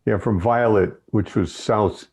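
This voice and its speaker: An easygoing man talks as a podcast guest in a very deep, dark voice. His tone is gravelly and husky, and he tells stories at an unhurried pace. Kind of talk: casual interview chat.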